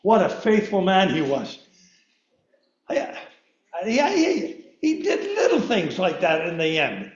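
An older man preaches a loose, rambling sermon, tripping over and repeating his words and chuckling at himself. His voice sits high, and the chapel around him rings with echo. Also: huge pitch swings, slow pace, highs cut off, a crowd in the background. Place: church chapel. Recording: echoey room.

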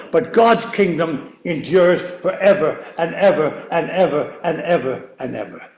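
In a church chapel full of ringing echo, an older man with a high voice delivers a loose, rambling sermon. He stumbles over and repeats words, chuckling at himself as he goes.

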